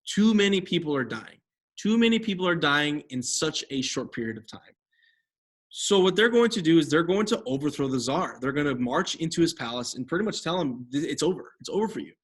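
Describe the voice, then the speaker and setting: A man's voice: on the high side, animated, fairly quick. A young adult man teaching a history lecture over slides, rambling with many fillers and self-corrections.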